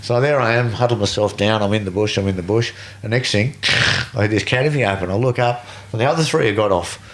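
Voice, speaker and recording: A middle-aged man with an Australian accent tells a story as a guest, animated and swearing freely, acting out the other people's voices. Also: on the low side, fast talker, few pauses. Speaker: guest, veteran BASE jumper. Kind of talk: casual storytelling.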